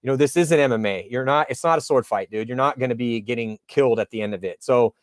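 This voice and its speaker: A man hosting a casual sports interview, chatty and animated, telling stories in casual slang. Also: medium pitch, quick pace, no room sound, clean studio sound.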